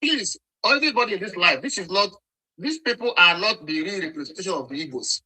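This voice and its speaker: High, sharp-voiced Nigerian man scolding. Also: expressive, fast talker, slightly rough, low-quality recording. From Nigeria, Nsukka. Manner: insistent and scolding, repeats words. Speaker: speaker in an online audio room debate. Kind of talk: heated political argument.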